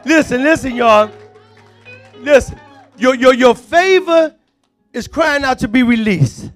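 A man preaching a fervent sermon, often shouting and calling on the congregation to respond. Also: extremely high pitch, slow, pauses often, soft background music, some chatter behind.

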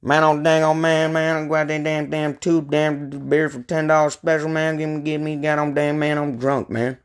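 A man's voice: on the high side, little pitch movement, normal speed, smooth, close to an everyday voice. A man putting on the voice of a drunk friend who mumbles and slurs his words together. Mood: drunk mumbling. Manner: slurred, mumbled run-on words.

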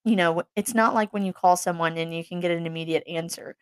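Young woman, lowish voice, rambling earnest faith chat, dry close recording. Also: fairly even intonation, fairly quick, smooth, no room sound. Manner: rambling, earnest, many fillers and restarts. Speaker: Christian vlogger. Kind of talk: casual faith talk.

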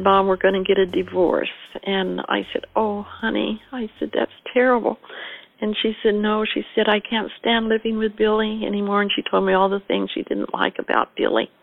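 An older woman, a bereaved mother, recalling her past in a measured storytelling voice, quoting herself and others as she goes. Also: mid-range voice, creaky, no room sound, narrow, tinny audio. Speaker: interviewee, mother of a murder victim. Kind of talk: personal recollection.

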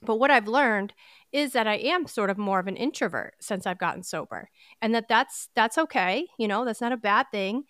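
Woman podcast host, earnest and encouraging, smooth voice, dry close mic. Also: fairly high pitch, a bit bright, no room sound. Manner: earnest, candid, encouraging, with quick restarts. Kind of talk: personal motivational podcast talk.

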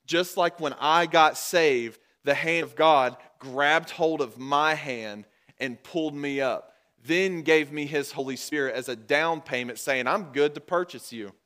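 A man preaching a sermon to his congregation in a conversational way, calling them guys and getting louder and higher when he drives a point home. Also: a little slow. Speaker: pastor. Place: church.

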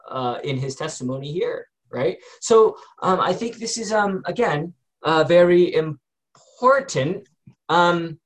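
A man leading a group Bible study in a conversational way, often asking the group questions and using many fillers. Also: fairly high pitch.

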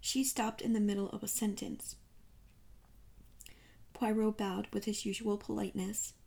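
A woman's voice: medium pitch, flat delivery, vocal fry, a little mellow, slightly rough. Woman narrating a detective story. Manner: measured storytelling read aloud. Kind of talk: audiobook narration.

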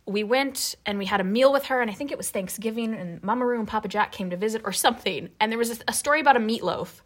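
A woman co-hosting a podcast, chatting casually and reading family stories aloud with animated, laughing delivery. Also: fairly high pitch, fast talker. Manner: animated storytelling, laughing often. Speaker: podcast co-host.

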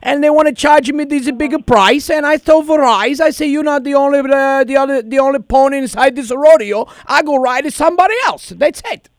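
A man's voice: very high voice, brisk, few pauses, dry recording, clean studio sound. A man doing a prank call in a put-on heavy Italian accent, rambling in broken English and mixing up his words.

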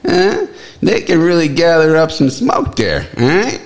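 Excitable heckling man, lively pitch. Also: a little slow. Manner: excitable, loud exclamations, heckling. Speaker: comedy video host. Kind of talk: mocking comedic commentary.

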